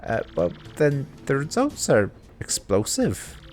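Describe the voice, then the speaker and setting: A man's voice: mid-range voice, wildly swooping pitch, takes it slowly, a little mellow, soft background music, voice pushed up. A man voicing a nervous, stammering businessman in a video game. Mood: anxious. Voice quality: stammering, anxious.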